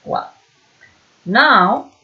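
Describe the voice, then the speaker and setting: A woman teaching an English lesson, slow and patient, often checking understanding with a questioning "hmm?". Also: fairly high pitch, lively intonation. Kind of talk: online class lesson. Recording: dull lo-fi recording.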